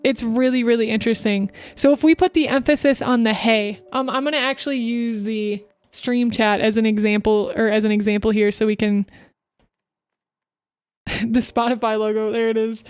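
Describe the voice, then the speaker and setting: A woman's voice: fairly high pitch, steady tone, normal speed, darkish tone, clear, resonant tone, no room sound, soft background music. A woman streamer chatting casually into her microphone, giving upbeat voice acting tips to her chat. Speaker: VTuber streamer.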